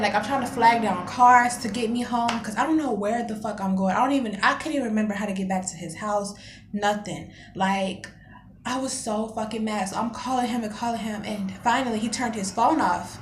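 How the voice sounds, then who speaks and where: A young woman vlogger telling a dramatic story in a casual, profane, animated way. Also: mid-range voice, reverberant, slight background noise.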